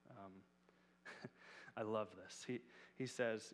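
A man's voice: lowish voice, steady tone, slow, pauses often, long reverb tail. A man teaching on a psalm in a conversational sermon, earnest and casual, with frequent fillers. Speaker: Bible teacher.

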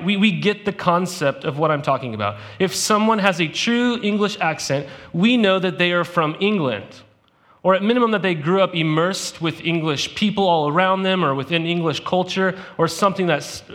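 A man's voice: fairly high pitch, fairly bright tone. A man preaching a sermon as pastor, talking in a conversational way and putting questions to the congregation.

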